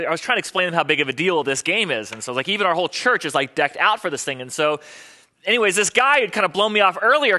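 Male pastor, middle-aged, quick and bright, storytelling sermon delivery. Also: sits high. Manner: chatty, storytelling, quotes people in voices. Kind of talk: sermon with personal stories.

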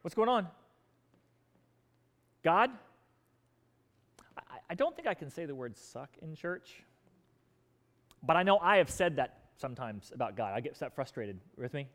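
A man preaching in church with a high-pitched, lively delivery. He tells stories with energy and acts out complaining crowds in quoted voices, his volume swinging between loud outbursts and quiet asides. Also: normal speed, pauses often, big-room sound. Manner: animated storytelling, acting out grumbling crowds in quoted voices. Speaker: pastor. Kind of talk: sermon.

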